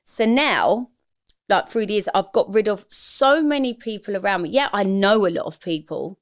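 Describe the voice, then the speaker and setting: Interview guest: woman, 40s, candid and confessional, average pitch. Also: animated, normal speed. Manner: frank, emotional, confessional.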